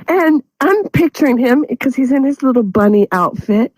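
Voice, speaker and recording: A woman's voice: high-pitched, expressive, normal speed, few pauses, darkish tone, low-quality recording. A woman hosting a show, telling a funny story in casual chat and laughing through her words. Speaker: show host. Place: studio.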